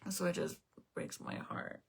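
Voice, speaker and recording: A young woman at home chatting casually on a live stream, rambling, swearing now and then and answering viewer comments. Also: a little slow. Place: at home, indoors.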